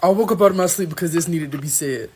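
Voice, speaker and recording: A man's voice: a little high, fast, a little mellow, slight background noise. A man giving earnest, indignant opinion commentary to camera.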